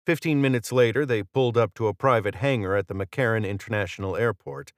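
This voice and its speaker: Low, dry-voiced male narrator. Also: fast, no echo. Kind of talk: audiobook narration.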